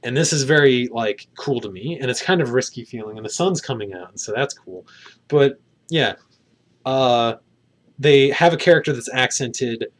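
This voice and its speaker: Male vlogger reviewing a film, mid-pitched, hesitant and rambling, lots of fillers. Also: expressive, moderate pace. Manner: rambling, hedging, many fillers. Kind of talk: casual spoken review.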